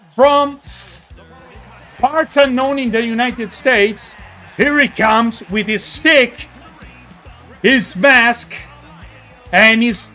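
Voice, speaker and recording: A man's voice: very high-pitched, sharp tone. A man with an Italian accent, hosting and commentating a wrestling show, joking and reading chat names aloud. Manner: jokey, reads chat names aloud, hypes the ring entrances.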